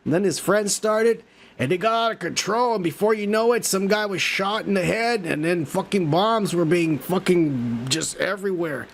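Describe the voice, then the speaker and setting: A male podcast host, drunk and high, rambling through profane, joking commentary. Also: lively intonation, moderate pace, vocal fry. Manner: profane, rowdy, jokey.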